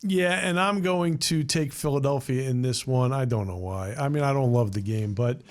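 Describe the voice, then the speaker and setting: A man hosting a sports betting show, giving his picks in casual, blunt chat with halting fillers. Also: mid-range voice.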